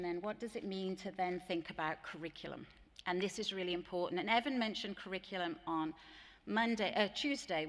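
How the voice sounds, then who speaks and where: A woman with an English accent speaks from a conference stage, her voice sitting fairly low. She tells earnest stories and mimics the voices of people she quotes. The sound carries a long reverb from a large hall. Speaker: plenary speaker at a teachers' conference. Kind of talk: conference keynote talk with anecdotes.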